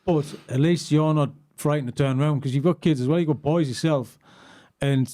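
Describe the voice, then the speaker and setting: A man hosting a podcast, chatting casually and telling animated stories. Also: on the high side, brisk. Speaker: podcast host. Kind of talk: casual chat.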